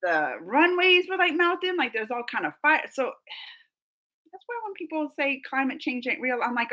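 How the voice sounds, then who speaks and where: A woman's voice: very high-pitched, lively intonation, normal speed, pushed and bright. A young woman hosting a casual live stream, chatting and giggling as she reads out viewer comments. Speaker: reaction channel host.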